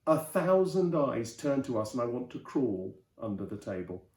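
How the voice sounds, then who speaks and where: Mellow-voiced man reading a novel aloud. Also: medium pitch, very animated, normal speed, reverberant. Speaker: host and reader.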